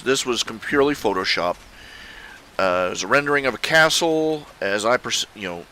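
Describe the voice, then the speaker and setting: A middle-aged man casually commenting on his artwork, rambling and halting with many fillers. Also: medium pitch, expressive, pushed and bright, slight background noise, rough recording. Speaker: artist showing his commissions.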